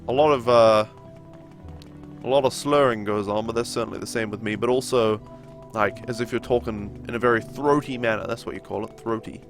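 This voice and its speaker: A man's voice: mid-range voice, fairly even intonation, fairly quick, music in the background. A young man with a nasal voice and a sore throat, chatting casually as he streams a game and answers his viewers. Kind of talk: casual chat during a live game stream.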